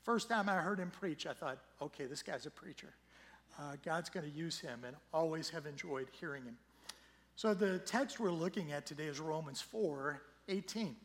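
A middle-aged male pastor with a slightly hoarse voice, preaching a sermon in a conversational, storytelling way and swelling louder when he reads scripture. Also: fairly high pitch, moderate pace. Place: church sanctuary. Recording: long church hall reverb.

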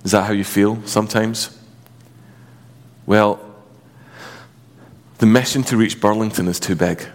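A man preaching a sermon as a pastor, reading scripture, praying, then telling the story in a lively, joking way with big rises in pitch. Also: a little slow, long pauses. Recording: long hall reverb.

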